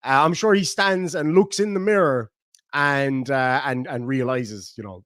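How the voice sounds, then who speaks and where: A middle-aged Irish man hosts a livestream, casually rambling, joking and chatting as he reads out viewer comments. His medium-pitched voice is a bit bright and unhurried, in a dry recording with clean studio sound.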